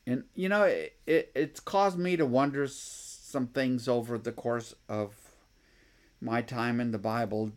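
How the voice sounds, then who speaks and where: A man's voice: medium pitch, fairly even intonation, a little slow. A man preaching a sermon, thinking aloud, with rhetorical questions and frequent restarts. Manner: acts out the scribes' objections.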